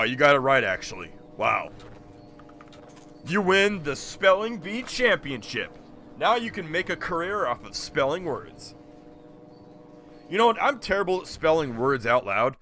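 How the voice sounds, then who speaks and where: Animated, bright-voiced male game streamer. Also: a little high. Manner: rambling, jokey, talks to chat. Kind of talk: casual gameplay commentary.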